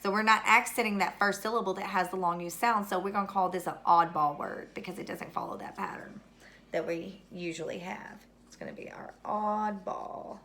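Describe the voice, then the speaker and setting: A woman's voice: mid-range voice, normal speed, pushed and bright, a little hiss or hum. A woman teaching a third-grade word study lesson on video, asking questions and answering them herself in a patient, encouraging way.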